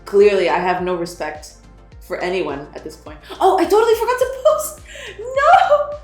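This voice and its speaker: A young woman who streams game development chats casually and greets her viewers in a mid-range, sing-song voice at a normal pace. She rambles, giggles a lot, and trips over her words. The room has an echo, and faint music plays in the background.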